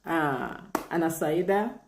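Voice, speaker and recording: A woman's voice: sits low, a little hiss or hum. Chatty laughing woman in an echoey room. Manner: warm, chatty, laughs often, tries out halting Arabic phrases. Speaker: live stream host. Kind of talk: casual live-stream chat reading viewer comments. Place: lives in Bahrain.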